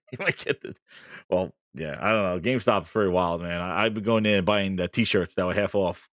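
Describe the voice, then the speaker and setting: A man's voice: deep voice, moderate pace, fairly bright tone, dry recording, clean studio sound. A man hosting a casual gaming podcast, laughing often and teasing his co-host. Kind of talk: casual chat.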